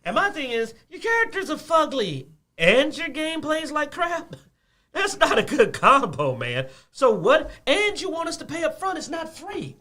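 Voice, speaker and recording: A man co-hosting a casual chat show about games, ranting in an animated way and laughing often. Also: extremely high pitch, unhurried. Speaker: podcast co-host.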